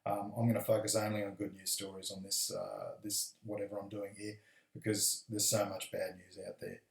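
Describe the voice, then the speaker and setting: An Australian airline pilot giving a casual, rambling, friendly video message full of fillers. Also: male voice, fairly low pitch, completely flat delivery, normal speed, vocal fry, far from the mic. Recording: echoey room.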